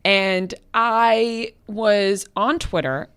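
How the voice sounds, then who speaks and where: A woman's voice: medium pitch, drawn-out words, fairly bright tone, clean tone. A woman in her twenties co-hosting a casual podcast, telling a story in a hesitant, confessional way. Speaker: podcast co-host.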